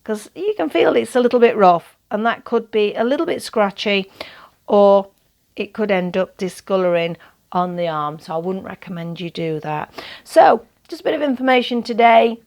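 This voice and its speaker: A woman, a little hoarse, chatting casually in a show-and-tell vlog about doll accessories, rambling and laughing often. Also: mid-range voice, animated, moderate pace, darkish tone. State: slightly hoarse, losing her voice. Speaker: doll collector vlogger.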